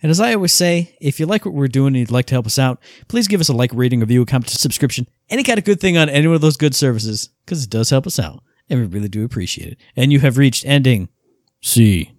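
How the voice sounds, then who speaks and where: A man co-hosting a podcast, lively and theatrical in a casual chat. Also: medium pitch, quick pace, no room sound, clean studio sound. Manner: lively and theatrical, bursts into mock singing. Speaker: podcast co-host.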